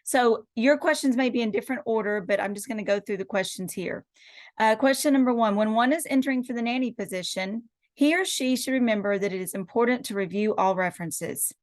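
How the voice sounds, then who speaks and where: A woman's voice: fairly high pitch, fairly quick, dry recording. A middle-aged woman teacher going through quiz answers one by one, explaining each step with rhetorical questions. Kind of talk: recorded lecture going over quiz answers.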